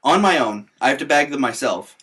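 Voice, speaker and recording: A young man co-hosting a podcast, telling work stories in an animated, casual way. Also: medium pitch, fairly quick, husky. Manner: animated storyteller. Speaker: podcast co-host. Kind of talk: casual chat.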